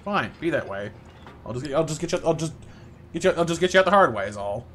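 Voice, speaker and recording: A man with a bright, forceful voice commentates live gameplay in a playful, chatty way, greeting viewers between reactions. His pitch sits a little high for a man, and a faint noise runs underneath. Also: sing-song, fast talker. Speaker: streamer.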